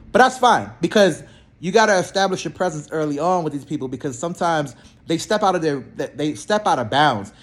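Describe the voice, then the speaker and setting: A young man, a healthcare therapist, telling work stories in a blunt, slangy, animated way and acting out both sides of the talk. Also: a little high. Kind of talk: casual storytelling vlog.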